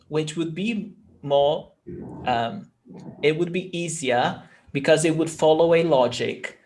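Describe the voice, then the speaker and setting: A man's voice: a little high, slow, darkish tone, slight background noise. A man from Brazil teaching a Portuguese lesson, patiently repeating each word for his students. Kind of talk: language lesson explaining grammar.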